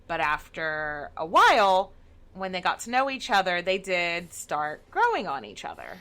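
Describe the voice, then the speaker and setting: A woman's voice: on the low side, big pitch swings, a little slow, a bit bright. A woman co-hosting a podcast in casual, wry chat about history. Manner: chatty, wry, swearing. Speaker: podcast co-host.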